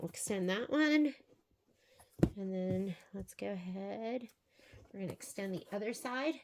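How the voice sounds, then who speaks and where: A woman's voice: mid-range voice, unhurried, darkish tone, a little hiss or hum. A woman teaching a quilting project, talking through each step aloud as she works. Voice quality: chatty, thinks aloud while working. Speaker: sewing instructor. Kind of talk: quilting tutorial.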